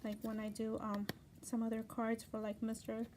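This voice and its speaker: Craft host, middle-aged woman, high voice, gushing casual chat, paper crinkling over background noise. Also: normal speed. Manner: gushing, excited, gasping exclamations.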